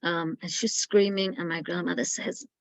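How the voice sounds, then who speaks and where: A middle-aged woman giving a storytelling talk as a guest speaker, who acts out the people in her story in louder, higher voices. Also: fairly even intonation, normal speed, creaky, dry recording, low-quality recording. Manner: acts out quoted voices, loud and high when quoting.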